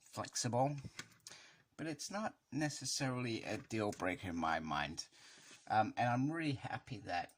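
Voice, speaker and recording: A man's voice: low-pitched, a bit bright. A man chatting casually and enthusiastically through a toy review, rambling as he goes.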